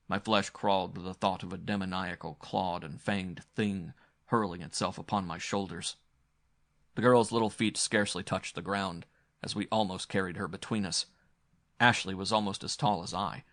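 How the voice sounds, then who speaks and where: A man's voice: low voice, fairly bright tone. A man narrating a gothic horror story in the first person, grim and dramatic. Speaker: audiobook narrator.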